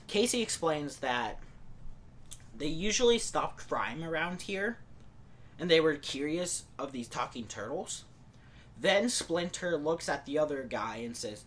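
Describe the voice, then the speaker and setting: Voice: mid-range voice, sing-song, unhurried, pauses often, fairly bright tone, slight background noise. A podcast host casually retelling a movie plot in a rambling way, full of fillers like "like" and "and stuff".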